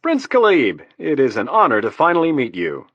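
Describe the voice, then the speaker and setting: A man's voice: mid-range voice, huge pitch swings, normal speed, fairly bright tone, no echo, lo-fi sound, voice pushed up, heavily acted. A man voicing a genial male president who speaks with hearty formality.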